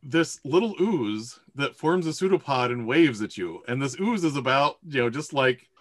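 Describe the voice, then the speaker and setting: A man's voice: mid-range voice, animated, normal speed, dry recording. A man narrating a tabletop game as game master, rambling with fillers and laughing often.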